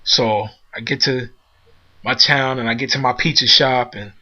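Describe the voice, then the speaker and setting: A man's voice: mid-range voice, fairly even intonation, moderate pace, pushed and bright. A man casually telling a personal story, rambling with many fillers and restarts. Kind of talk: casual spoken anecdote. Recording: dull lo-fi recording.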